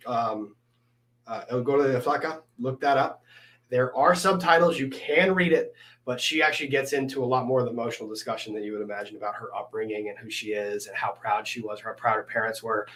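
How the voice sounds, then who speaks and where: A man's voice: medium pitch, fairly bright tone. Chatty male host talking to his live chat. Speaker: host, lawyer livestreaming with a guest. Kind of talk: casual chat over drinks.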